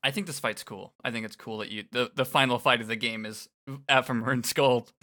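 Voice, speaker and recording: A man in casual chat about a video game, who laughs often and talks in halting restarts. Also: medium pitch, fairly even intonation, bright, forceful tone.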